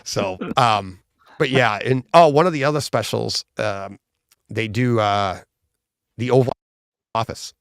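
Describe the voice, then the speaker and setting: Male co-host, gravelly voice, rambling and enthusiastic, dry close sound. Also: medium pitch, measured pace, long pauses, no echo. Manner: rambling, enthusiastic retelling with many restarts. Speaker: podcast co-host. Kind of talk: casual livestream chat.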